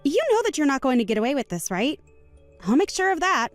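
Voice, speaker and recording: A woman voicing a calm, composed young woman wronged at a wedding, speaking in a measured, firm way in a voiced story drama. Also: high-pitched, no room sound, faint music behind.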